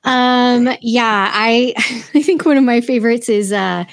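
A woman's voice: a little high, measured pace, smooth, no echo, clean studio sound. Bubbly woman rambling on a podcast. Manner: bubbly, rambling, many fillers. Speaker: podcast guest. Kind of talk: casual podcast discussion.

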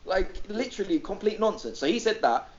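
A man's voice: high-pitched, very animated, fairly quick, lo-fi sound. A man from Greece, a regular on a podcast, telling a story in casual chat, swearing freely and acting out the people he quotes.

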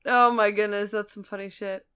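A woman's voice: mid-range voice, steady tone, normal speed, a bit bright, clear, resonant tone. A woman co-hosting a casual chat, reading stories aloud with blunt, swearing asides and frequent laughs. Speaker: podcast co-host reading stories.

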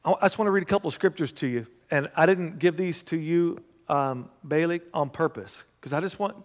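A pastor preaching a sermon, telling stories and building to loud, emphatic passages. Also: male voice, fairly high pitch, brisk. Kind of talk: sermon with storytelling. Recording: long hall reverb.

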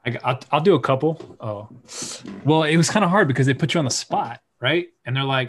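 Man, mid-pitched, co-hosting a casual chat, loose and rambling. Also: brisk. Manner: rambling, filler-heavy. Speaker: podcast co-host, actor.

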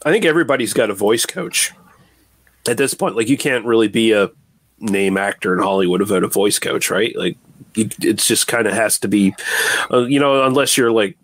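A man's voice: fairly low pitch, fairly bright tone. A man casually chatting about movies on a podcast, rambling and restarting his sentences, with the odd swear word.

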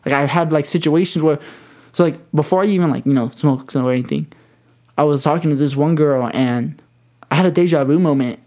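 A young man talks fast in a slightly high voice. He rambles through a story in casual chat and swears a lot. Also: darkish tone.

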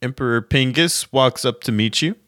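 A man narrating a tabletop role-playing game as game master, in a steady storytelling manner. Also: mid-range voice, normal speed, no room sound, studio quality.

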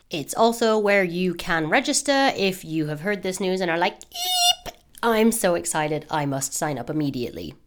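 A woman hosting a podcast, giving an upbeat, eager promotional announcement with animated emphasis. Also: mid-range voice. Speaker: podcast host.

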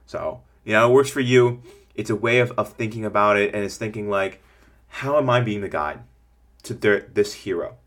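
A man with a fairly low voice hosts a casual coaching podcast for small-business owners. His delivery is energetic and rambling, and he often slips into the voices of imagined customers to make his points. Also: normal speed. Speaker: podcast host.

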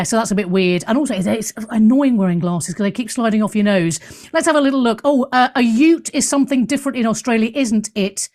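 Chatty woman hosting a live show. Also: fairly high pitch. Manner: chatty, laughs often, self-deprecating asides. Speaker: show host. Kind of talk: casual live-stream chat.

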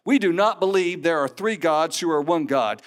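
A man's voice: fairly high pitch, lively intonation, normal speed. A man preaching a sermon to a congregation, emphatic and teacherly, with sarcastic asides.

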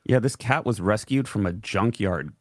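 A man's voice: on the low side, normal speed, no echo, clean studio sound. A man co-hosting a casual news show, reading stories and joking often. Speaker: co-host.

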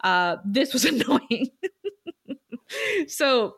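A woman's voice: on the high side, very slow. Woman cohost chatting about a show, laughs a lot, acts out the lines. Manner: animated, acts out quotes with laughs. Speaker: podcast co-host. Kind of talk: casual chat recapping a TV episode.

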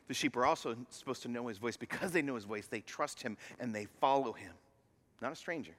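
A man preaching a sermon as pastor, moving from loud emphatic lines to hushed near-whispers and acting out voices in his stories. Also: medium pitch, fairly quick. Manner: acts out quoted voices while telling a story.

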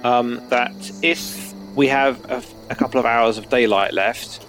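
Halting man at a game table. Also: mid-range voice, a bit bright, slight background noise. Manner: halting, restarts often. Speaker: player. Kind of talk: tabletop role-play chat.

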